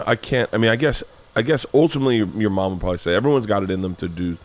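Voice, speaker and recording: A man's voice: on the low side, vocal fry. A man hosting a casual podcast chat who rambles, swears freely, and restarts his sentences often. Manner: rambling, profane, halting restarts. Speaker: podcast host.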